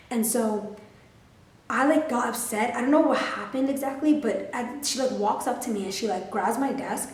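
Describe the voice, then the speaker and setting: A woman's voice: on the high side, normal speed. Twenty-something woman doing a storytime vlog, swears a lot, says like constantly, echoey room, mic kinda far. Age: 20s. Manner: profane, lots of "like" fillers; animated, vivid storytelling. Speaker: vlogger. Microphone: camera filming herself. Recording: roomy, mic set back.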